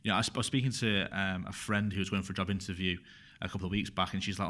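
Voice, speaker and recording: A man's voice: low voice, steady tone, rapid-fire, fairly bright tone. A man talking frankly and openly in a casual podcast conversation, often repeating himself as he works through his thoughts.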